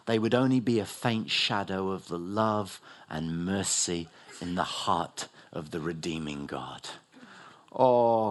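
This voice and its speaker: A middle-aged New man preaching a sermon as pastor, rising loud and high for emphasis and dropping low and soft. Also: a little slow. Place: church hall.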